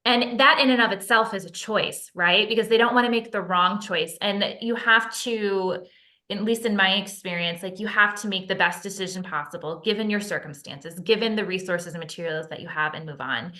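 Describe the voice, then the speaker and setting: Bright-voiced woman host, emotional. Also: medium pitch, moderate pace. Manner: warm agreement, emotional, many restarts. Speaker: interview host. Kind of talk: interview conversation.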